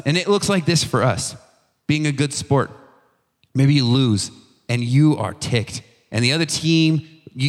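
A young man giving a casual youth sermon, telling a story in a conversational, animated way with slang and restarts. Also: mid-range voice. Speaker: youth pastor. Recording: long hall reverb.

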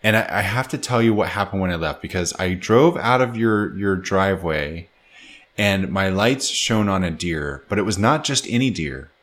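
A man's voice: low-pitched, expressive, normal speed, fairly bright tone. A man co-hosting a podcast in casual chat, upbeat and chatty, laughing easily. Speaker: podcast co-host.

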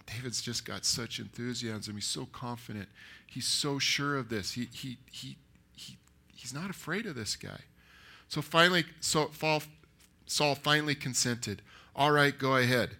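Bright-voiced man preaching a story. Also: mid-range voice, unhurried, creaky. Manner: animated, acts out the characters. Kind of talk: storytelling sermon. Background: live audience.

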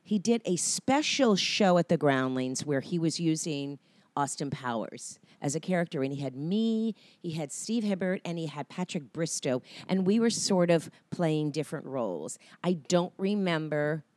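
Actress guest, low and dry, rambling storyteller full of ums and restarts. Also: female voice, expressive, moderate pace, a little mellow, no echo. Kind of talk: casual interview storytelling.

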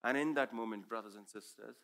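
A man's voice: lowish voice, a little fast, vocal fry, a bit bright. A man whose first language is Urdu, giving an earnest, emphatic sermon testimony as a preacher.

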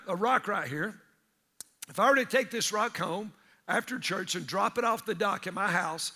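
A male pastor, preaching energetically in church and breaking into shouted asides. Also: high voice. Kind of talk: sermon.

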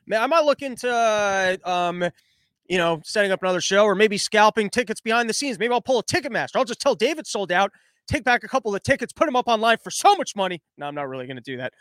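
High-voiced man rambling through a crude comedy bit. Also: lively intonation, quick pace, fairly bright tone, no echo. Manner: rambling, crude, self-interrupting. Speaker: comedian host. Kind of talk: comedic podcast monologue.

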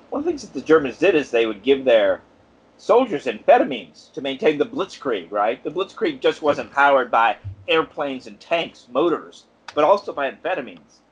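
A man's voice: mid-range voice, very animated, moderate pace, husky. A man co-hosting a casual podcast, rambling through his ideas with lots of asides. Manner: rambling, thinks aloud with many asides. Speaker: podcast co-host. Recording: dull lo-fi podcast audio.

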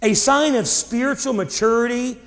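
A man's voice: very high-pitched, normal speed. A middle-aged man preaching a sermon as pastor, telling stories conversationally and rising into sudden emphasis. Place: church sanctuary. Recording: long hall reverb.

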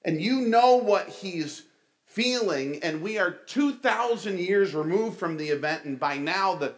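A male pastor delivering a sermon with a voice pitched a little high for a man. He tells stories with animated delivery and turns to the congregation with casual asides. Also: a little slow.

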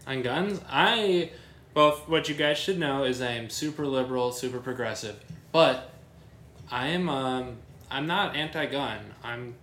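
A man's voice: mid-range voice, unhurried, fairly bright tone, reverberant, slight background noise. A man co-hosting a casual podcast, chatty and self-deprecating, often asking naive questions. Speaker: podcast co-host.

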